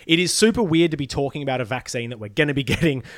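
A man's voice: mid-range voice, racing, dry recording, clean studio sound. A man co-hosting a political podcast, ranting and swearing with sarcastic laughs in casual chat. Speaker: podcast co-host.

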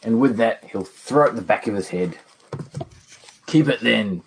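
A woman's voice: rumbling low, brisk, darkish tone, a little hiss or hum. A woman playing a character in a tabletop game, talking bluntly and dryly. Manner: blunt and dry. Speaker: player.

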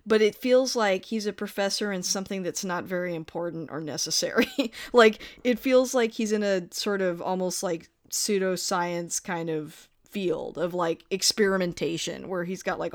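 An American woman chatting casually about a film, thoughtful and agreeable, often laughing. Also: mid-range voice. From United States.

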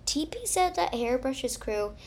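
A woman reading a children's story aloud in a slow, expressive way. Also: high voice. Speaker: narrator.

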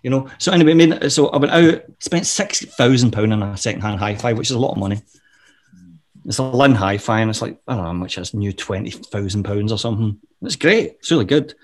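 Profane, animated storyteller man. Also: fairly low pitch, brisk. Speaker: interview guest. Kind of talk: casual storytelling interview.

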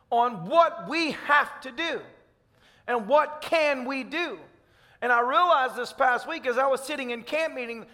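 A man's voice: extremely high pitch, pushed and bright, in a large hall. A man from Tennessee with a Southern accent, preaching a fervent, emphatic sermon as pastor. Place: church sanctuary.

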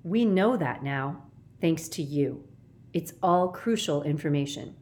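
Woman voicing calm boy leader Reynie. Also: low-pitched, unhurried. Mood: reassuring.

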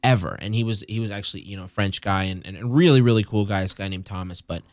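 A man hosting a casual gaming podcast, telling stories in a rambling, animated way with many restarts. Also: fairly low pitch, fast, no room sound. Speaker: podcast host.

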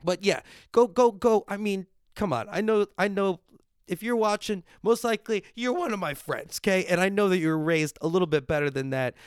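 Swearing ranting man, smooth dry voice. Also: high-pitched, moderate pace, no room sound. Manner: swears constantly, ranting and riled up; drinks on air and reads viewer comments. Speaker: podcast host. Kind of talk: profane livestream rant. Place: at home.

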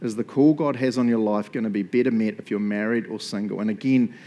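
A middle-aged man with a New Zealand accent, preaching a sermon in a chatty, animated way and laughing often between points. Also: fairly low pitch, quick pace. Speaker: pastor.

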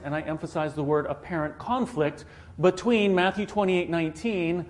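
An earnest man delivers a sermon in a voice that sits a little high for a man. He leans on rhetorical questions and checks in with his listeners. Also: moderate pace. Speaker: preacher.

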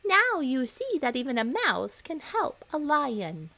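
A woman voicing a timid, tiny female mouse in a storybook reading, in a squeaky high voice. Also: huge pitch swings, unhurried, sharp tone, heavily acted. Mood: earnest.

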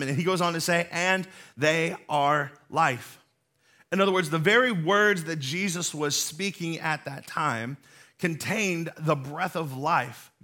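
A middle-aged male pastor delivers a sermon in a bright, slightly high voice. He talks earnestly and conversationally, walking his congregation through each idea. He keeps coming back to the same points to drive them home. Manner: earnest and conversational, explaining slowly with emphatic repetition.

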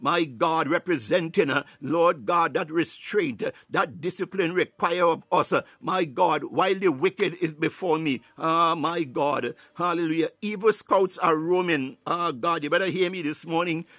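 A man's voice: on the high side, moderate pace, few pauses, fairly bright tone, no room sound. A man preaching a sermon, filling his phrases with "hallelujah" and "ah, my God" and breaking into tongues.

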